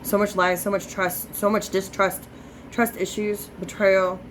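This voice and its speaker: A woman's voice: mid-range voice, flat delivery, measured pace, slight background noise, poor audio. A woman doing a spirit reading as a psychic medium, chatty, full of filler words and swearing freely.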